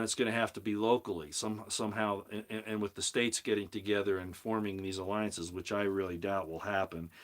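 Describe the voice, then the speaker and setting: Talking a little fast with few pauses, a man hosts a live commentary stream in a low-ish voice that stays fairly flat in pitch. He rambles casually while reading viewer comments, often restarting and repeating words, and pushes his points with growing emphasis.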